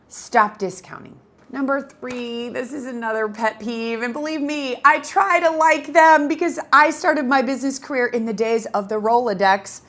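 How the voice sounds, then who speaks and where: A middle-aged woman coaching photographers in a casual talk to camera, animated and emphatic. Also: sits high, moderate pace. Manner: animated and emphatic, acts out little voices.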